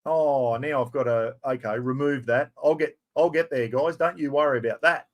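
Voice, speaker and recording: A man in his fifties with an Australian accent, excitedly hosting a chatty live stream giveaway and poking fun at himself. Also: medium pitch, moderate pace. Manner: excitable, chatty, self-mocking.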